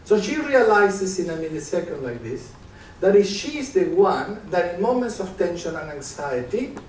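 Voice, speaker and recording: A man's voice: sits high, big pitch swings, moderate pace. A man giving a live stage talk at a conference, asking the audience questions as he demonstrates his method. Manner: engaged, quizzes the audience with questions. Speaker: conference presenter. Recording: echoey room, distant mic, faint noise.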